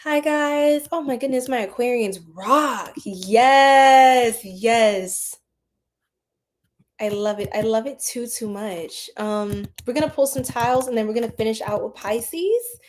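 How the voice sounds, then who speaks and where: Bubbly woman livestream host, higher voice. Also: unhurried. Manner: bubbly, greets viewers by name, laughs often. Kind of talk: casual livestream chat reading comments.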